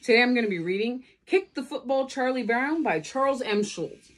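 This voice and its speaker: A woman reads a children's storybook aloud at a relaxed pace. Her pitch climbs and dips constantly, lively and bouncy. She is from California and gives each character a voice of their own. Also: normal speed. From California, USA. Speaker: storybook reader.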